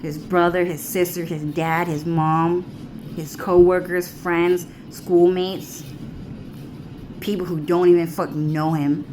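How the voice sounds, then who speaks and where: A woman's voice: fairly low pitch, flat delivery, slow pace, a little mellow, slight background noise. A woman talking to her viewers in a rambling, profane monologue that keeps circling back on itself. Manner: profane, repetitive, drawling. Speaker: vlogger.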